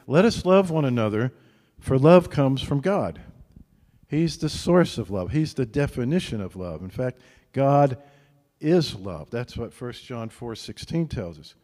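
A man's voice: mid-range voice, darkish tone. Preaching man in a reverberant hall. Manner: conversational preaching, often asks "right?". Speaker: pastor. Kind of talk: sermon.

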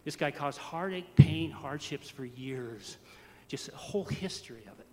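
A man's voice: fairly high pitch, lively intonation, normal speed, slight background noise. A man preaching a storytelling sermon in a folksy, earnest way, laughing at his own jokes. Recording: long hall reverb, faint ambience.

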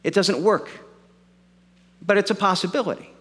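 A man's voice: high-pitched, normal speed, fairly bright tone, slightly rough, long reverb tail. A man preaching a sermon as pastor, earnest and repeating words as he works through an argument.

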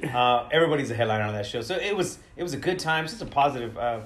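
A man's voice: mid-range voice, expressive, rapid-fire, fairly bright tone. Tipsy comedian man in a roomy space. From California, US. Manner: loose, laughing, stuttering. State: tipsy from drinking. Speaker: comedian guest. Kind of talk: casual podcast chat. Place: room in his home. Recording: roomy echo.

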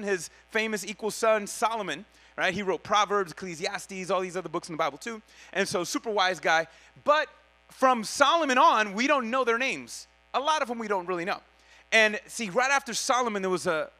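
A man's voice: high voice, sharp tone. A man preaching a casual Bible teaching in a slangy, conversational way, correcting himself as he goes.

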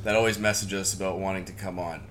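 A man's voice: low-pitched, fairly even intonation, fast talker, noisy background. A man co-hosting a podcast, tossing in laid-back jokes and signing off casually. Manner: joking, laid-back interjections. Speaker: podcast co-host.

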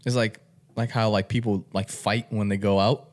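A man's voice: on the low side, flat delivery, moderate pace. A man in casual conversation who tells stories with animation, swears freely and laughs often. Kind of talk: casual chat.

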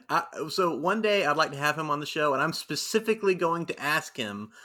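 A male host with a bright, crisp-edged voice. He leads a casual interview and asks his questions in an easygoing, encouraging tone. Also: fairly high pitch, expressive, normal speed.

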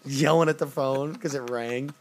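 A man's voice: mid-range voice, takes it slowly. A man chatting casually with a co-host, blunt and profane, laughing often and acting out the people he quotes. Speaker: podcast co-host answering a personality quiz. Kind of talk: casual chat.

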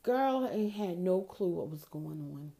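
A middle-aged woman hosting a show, telling a personal story in casual chat, frank and profane, getting animated when riled up. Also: lowish voice, unhurried, vocal fry. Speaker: podcast host.

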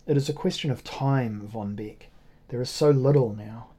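A man's voice: mid-range voice, moderate pace, mellow, breathy edge, lightly acted. A man voicing a cold, commanding noblewoman in an audiobook, curt and challenging. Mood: stern.

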